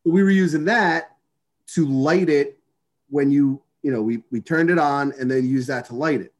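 Guy in a casual chat, kinda high voice, rambling w lots of restarts and swearing. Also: normal speed. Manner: rambling, profane, many restarts and fillers.

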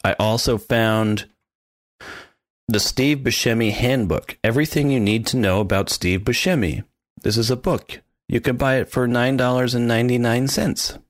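A man co-hosting a podcast in casual chat, animated and mimicking sounds as he describes scenes. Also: medium pitch, moderate pace, dry recording, clean studio sound. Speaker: podcast co-host.

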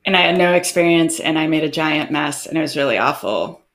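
A woman guest in an interview, telling stories in a lively way, acting out quoted exchanges with big jumps in her voice and frequent laughs. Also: sits low, brisk. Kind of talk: casual interview chat.

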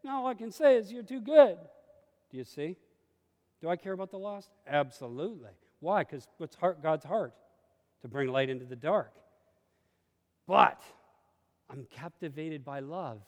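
A man preaching a sermon with passion, swinging between hushed confiding and sudden exclamations. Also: on the high side, expressive, a little slow, pauses often. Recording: long hall reverb.

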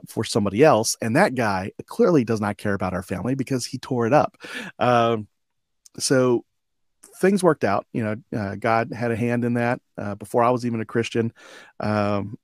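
Reflective man with a low voice. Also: dry recording, studio quality. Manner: reflective, loose, with many fillers like "um" and "you know". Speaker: podcast guest, combat veteran. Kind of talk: telling his life story in a conversation.

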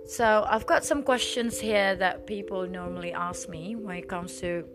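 A woman hosting a podcast, who introduces her guest and asks him clearly phrased, prepared questions. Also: medium pitch, normal speed, over music. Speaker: podcast host.

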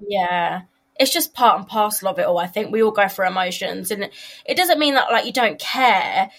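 A woman's voice: medium pitch, normal speed, gravelly, a bit bright. A woman hosting a casual podcast chat with her sister, talking frankly and often laughing. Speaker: podcast host.

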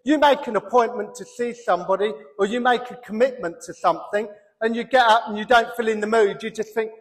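A pastor preaching a sermon in an animated way, breaking into comic voices and building to loud emphasis. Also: male voice, sits high, quick pace, few pauses. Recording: long hall reverb.

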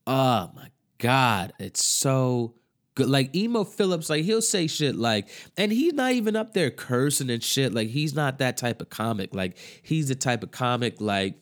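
A man hosting a podcast in loose, excitable casual chat, full of fillers and cursing. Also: mid-range voice, a little slow. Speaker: podcast host.

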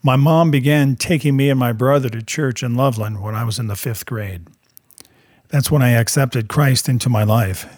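A man narrating his own life story as a first-person testimony, in a plain, steady storytelling manner. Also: mid-range voice, breathy edge, no room sound, clean studio sound.

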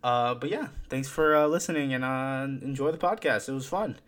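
A man's voice: medium pitch, normal speed, a bit bright. A young man hosting a casual home podcast, rambling with many fillers, frequent swearing and laughter. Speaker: podcast host.

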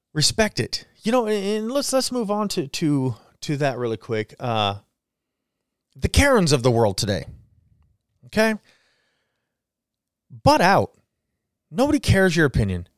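A man's voice: fairly high pitch, no room sound, studio quality. A man in his forties hosting a solo podcast, ranting bluntly and swearing freely. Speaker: podcast host. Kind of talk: casual solo podcast rant.

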